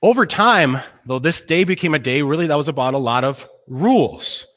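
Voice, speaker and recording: A man's voice: fairly high pitch, moderate pace. A man preaching a sermon, retelling a story in a casual, conversational way and acting out the people's lines. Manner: animated storytelling, acts out quoted voices. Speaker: pastor.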